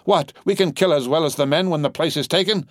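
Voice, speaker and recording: A man's voice: medium pitch, expressive, moderate pace, no echo, clean studio sound, voice pushed up, close to an everyday voice. A man voicing a cold, resolute middle-aged revolutionary woman in a storybook reading, speaking in a steely, composed way. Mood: fierce.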